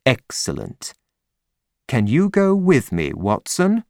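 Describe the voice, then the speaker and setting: A man as a calm, ironic detective. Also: medium pitch, slow pace, dry recording, studio quality, heavily acted. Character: calm, clever male detective, dryly ironic.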